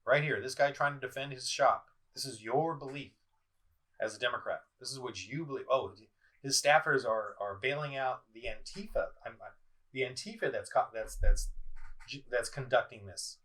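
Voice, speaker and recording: A middle-aged man rants at home, his voice bright and pushing hard as he accuses his listeners. He stumbles over words, restarts and repeats phrases. He sits a little way back from the mic, so the sound has some distance. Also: mid-range voice. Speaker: political vlogger. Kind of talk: ranting video commentary. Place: indoors at home, in front of a screen. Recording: voice somewhat far from the mic.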